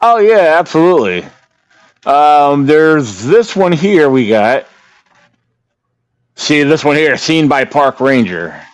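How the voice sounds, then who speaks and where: A man's voice: on the high side, sing-song, slow pace, pauses often, no room sound. A man co-hosting a podcast, chatting casually and rambling with many fillers and restarts. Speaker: podcast co-host.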